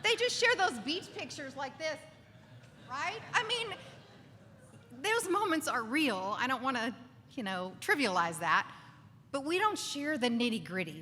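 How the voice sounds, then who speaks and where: A woman giving an animated faith talk to a live audience in a bar, acting out inner voices and asking the crowd for agreement. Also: sits high, a little hiss or hum. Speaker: speaker. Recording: distant voice with long reverb, faint ambience.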